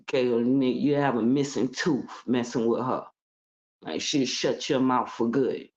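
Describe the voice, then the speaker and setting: A woman's voice: rumbling low, unhurried, a little mellow, muffled recording. A woman in her forties, a guest in an interview, telling a story in a blunt, profane way and acting out other people's voices. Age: 40s.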